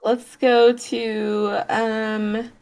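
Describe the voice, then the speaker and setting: A woman's voice: on the high side, level tone, extremely slow, vocal fry, a little mellow. A woman playing a board game, chatting casually and teasing. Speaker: player.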